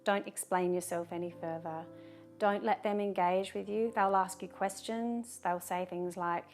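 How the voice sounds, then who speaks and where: A woman talking to camera in a video, giving calm, measured advice and turning firm when she gives short commands. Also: mid-range voice, faint music behind. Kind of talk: direct-to-camera advice talk.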